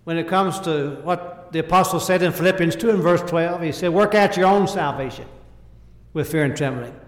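A man's voice: on the high side, normal speed. A man preaching a sermon in short, emphatic phrases, quoting scripture in old-fashioned wording. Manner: earnest, quotes scripture in King James wording; speaks in short emphatic phrases, voice rising and falling in volume. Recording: echoey hall with long reverb.

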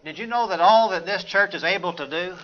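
A man's voice: sits high, brisk, pushed and bright, dull audio. A man preaching a sermon, quoting scripture and putting questions to the congregation.

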